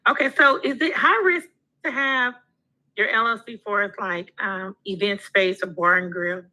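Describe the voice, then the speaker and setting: Bright-voiced eager woman caller. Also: mid-range voice, a little slow, low-quality recording. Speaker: caller asking questions. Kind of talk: live call-in question.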